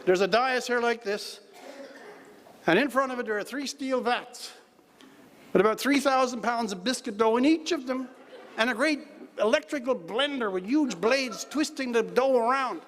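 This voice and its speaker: Wry high-voiced man in a reverberant hall. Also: moderate pace, fairly bright tone. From Newfoundland, Canada. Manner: wry storytelling with dry jokes. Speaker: keynote speaker. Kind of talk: after-dinner speech. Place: large banquet hall. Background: audience laughter.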